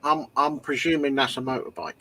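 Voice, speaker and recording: A man co-hosting a casual livestream chat, relaxed, mostly giving short replies. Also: mid-range voice, a little fast, slight background noise, poor audio. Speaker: livestream co-host.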